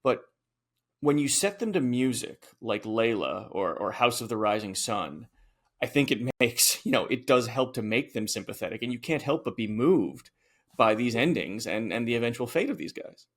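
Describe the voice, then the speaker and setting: A man co-hosting a casual film podcast with an ordinary mid-range voice. He talks things through in a relaxed, reflective way and laughs easily. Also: mid-range voice, moderate pace. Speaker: podcast co-host.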